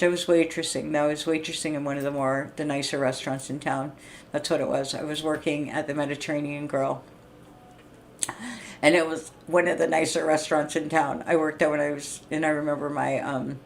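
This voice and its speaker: Middle-aged woman streamer, deep voice, blunt, profane, rambling vent. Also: vocal fry, a little hiss or hum. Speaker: livestreamer. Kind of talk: casual venting monologue.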